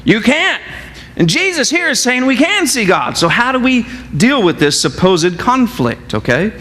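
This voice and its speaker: A male pastor preaches to his congregation in a high, very expressive voice that swings up and down. He keeps asking the room questions. His words ring with the long reverb of a church hall. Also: a little slow. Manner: animated, asks the congregation questions. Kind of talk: sermon. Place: church sanctuary.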